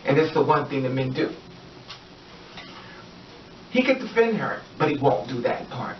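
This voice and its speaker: This vlogger has a mid-range voice with big swings in pitch and talks at a normal speed. He rambles and repeats himself while telling a casual story, full of fillers and acted-out quotes. The recording is far off, roomy, and dull lo-fi, with slight background noise.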